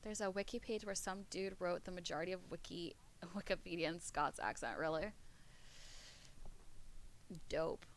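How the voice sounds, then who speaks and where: A woman streaming a game, chatting casually with her viewers, brash and quick to swear. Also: on the low side, slight background noise. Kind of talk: casual gaming stream chat.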